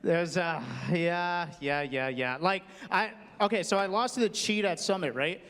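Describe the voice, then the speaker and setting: A man's voice: high voice, a little slow, a bit bright, smooth. A man in casual chat, telling a story about himself in a hesitant, self-mocking way. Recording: echoey hall.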